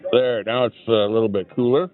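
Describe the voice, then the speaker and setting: A man's voice: medium pitch, steady tone, fairly quick. A man hosting a live stream from a chair at an outdoor rally, chatting loosely and greeting viewers in the chat through a small clip-on mic. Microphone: small clip-on microphone. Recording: tinny phone-like lo-fi sound.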